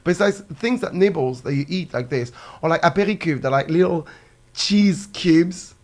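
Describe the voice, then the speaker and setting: French guy chatting over drinks, kinda high voice, lots of ums and likes. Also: normal speed, darkish tone. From France. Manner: chatty, laughs often, lots of fillers. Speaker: guest. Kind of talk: casual chat over drinks.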